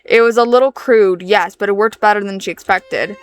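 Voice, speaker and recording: A woman's voice: mid-range voice, a little fast, faint music behind. A woman streamer chatting casually and reading game narration, giggly and rambling.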